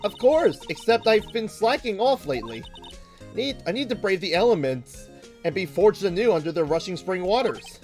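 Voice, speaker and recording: A man putting on a bubbly high-voiced girl. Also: very animated, normal speed, soft background music. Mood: eager. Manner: high-pitched, eager, loud outbursts. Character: bubbly excitable young woman spirit medium.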